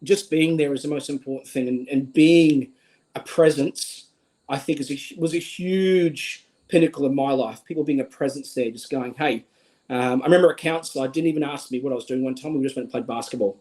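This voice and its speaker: A man's voice: medium pitch, fairly quick, darkish tone, poor audio. A young man with an Australian accent, speaking earnestly as a guest in a livestream conversation and often repeating a word as he starts a thought. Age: young adult.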